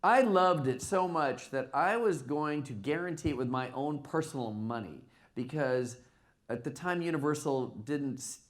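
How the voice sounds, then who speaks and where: A man's voice: fairly high pitch, normal speed. A man as a guest at a live theater talk, telling anecdotes with frequent laughter. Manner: animated, acts out dialogue, laughs often. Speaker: guest, film producer. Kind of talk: anecdotal storytelling on stage.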